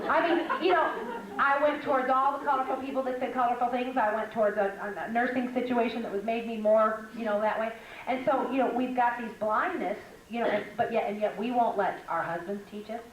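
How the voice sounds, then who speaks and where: A distant mic in an echoey hall catches an older woman's medium-pitched voice as she speaks at a women's conference. She teaches in a chatty, humorous way, telling one story after another.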